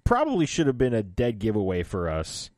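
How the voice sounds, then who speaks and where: A man with a fairly low voice chats casually on a podcast, telling a story with lots of energy and frequent laughter. The sound is dry and close, with no room echo. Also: brisk. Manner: animated, laughs often, restarts sentences. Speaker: podcast co-host. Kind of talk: casual chat recapping an audio drama.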